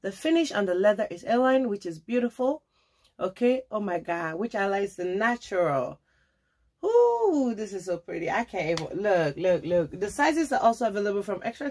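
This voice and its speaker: A woman's voice: medium pitch, expressive, brisk, a little mellow. A young woman vlogger gushing over a sponsored coat as she unboxes it, calling viewers honey and tagging her sentences with okay. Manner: tags many phrases with okay. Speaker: fashion vlogger. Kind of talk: sponsored product review and unboxing.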